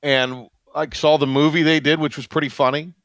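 A man's voice: a little high, level tone, brisk, fairly bright tone, dry recording. A man hosting a sports radio show, chatting casually with wry asides and lots of self-interruptions. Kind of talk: casual sports talk chat. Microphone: studio microphone.

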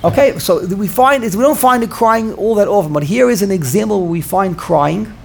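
A man giving an informal Torah class, thinking out loud and repeating phrases for emphasis while answering students. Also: high-pitched, creaky, slight background noise. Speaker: Torah teacher.

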